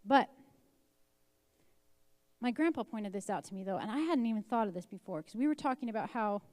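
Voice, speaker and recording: A woman's voice: mid-range voice, animated, fairly quick, a little mellow, no room sound. A woman teaching an informal Bible lesson in a conversational way, reading scripture aloud and dramatizing the quotes.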